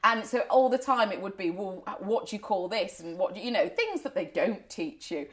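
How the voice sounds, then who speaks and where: A woman's voice: mid-range voice, animated, normal speed. A woman co-hosting a podcast, chatting and telling stories in a playful way. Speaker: podcast co-host. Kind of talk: casual chat.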